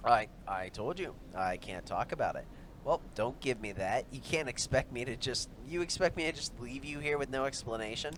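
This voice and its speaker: A man's voice: mid-range voice, lively intonation, moderate pace, a bit bright, slight background noise, natural voice. A man doing a blunt, sweary tribal companion. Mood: exasperated.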